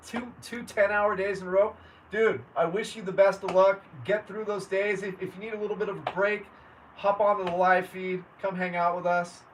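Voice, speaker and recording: A man, chatting casually with viewers on a livestream and greeting them by name. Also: sits high. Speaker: livestream host. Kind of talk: casual livestream chat reading comments. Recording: distant mic with faint background noise.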